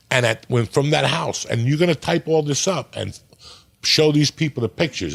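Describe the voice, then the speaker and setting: Gravelly New man telling stories. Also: medium pitch. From New Jersey. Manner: profane, animated storyteller. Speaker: podcast guest. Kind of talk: casual storytelling.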